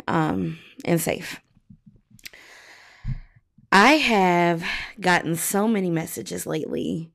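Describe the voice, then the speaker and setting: A woman hosting her podcast, talking frankly and reflectively with many pauses; she sounds tired. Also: fairly low pitch, creaky, darkish tone. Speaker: podcast host. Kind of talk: candid podcast monologue.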